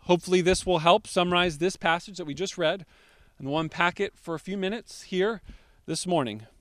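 A man preaching a sermon as pastor, slowing down to stress key words. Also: high voice, no room sound.

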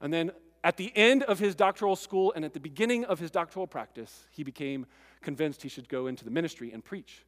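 A male pastor preaching a sermon, earnest and stirring, with relaxed conversational asides to the congregation. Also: on the high side, quick pace, in a large hall.

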